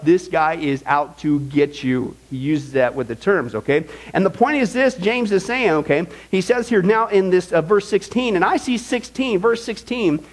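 Emphatic high-voiced man teaching scripture. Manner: emphatic, checks in with the audience, frequent "okay?". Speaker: pastor. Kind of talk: conversational Bible teaching.

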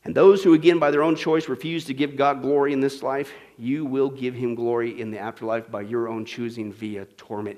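A male pastor preaching a sermon, swinging between loud, emphatic passages and hushed whispers. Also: mid-range voice, little pitch movement, a little fast, hardly any pauses. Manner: dramatic swings from shouting to whispering.

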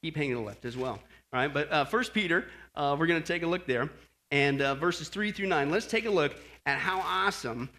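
A man preaching a sermon as pastor, animated, often asking the congregation questions and adding friendly "okay?" asides. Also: fairly high pitch, fairly quick.

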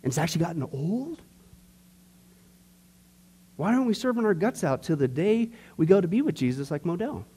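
A man teaching a church discipleship class in a conversational, animated way, joking with the class and acting out everyday people. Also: high-pitched, normal speed, pauses often, breathy edge. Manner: conversational, jokes with the class, acts out skeptics.

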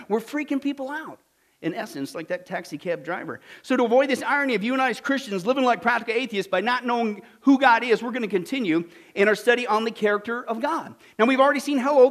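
A man preaching a sermon to a congregation, telling a joke story and then teaching with lively, punchy exclamations. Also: extremely high pitch. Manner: animated, jokey, punchy exclamations. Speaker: pastor.

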